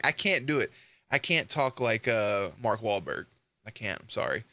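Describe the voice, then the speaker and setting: A man's voice: fairly low pitch, sing-song, normal speed, sharp tone, dry recording. A young man giving casual, blunt reaction commentary to a video, swearing freely and joking.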